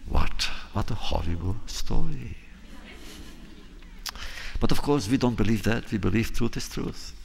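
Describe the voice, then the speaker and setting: A man's voice: lowish voice, animated, a little slow, gravelly, pauses often, long reverb tail, a little hiss or hum. An older man giving a storytelling lecture in an emphatic, reflective way.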